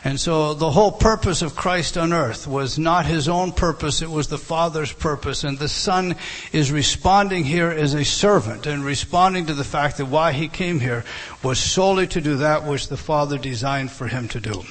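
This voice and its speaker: A man's voice: on the high side, moderate pace. A man preaching an expository sermon, emphatic and prone to repeating words and restarting phrases.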